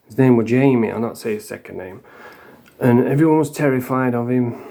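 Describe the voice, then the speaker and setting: A man's voice: mid-range voice, steady tone, brisk, vocal fry, warm tone. A man from the Doncaster area with a Yorkshire accent, telling blunt, rambling stories to camera in casual vlog style, swearing often. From Doncaster area, England. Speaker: vlogger.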